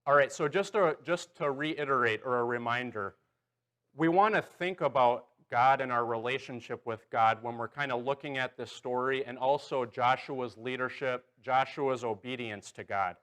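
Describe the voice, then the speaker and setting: A man's voice: medium pitch, normal speed, fairly bright tone. A man leading a Bible class in a church auditorium, guiding volunteers and checking in often with "okay" and "right.".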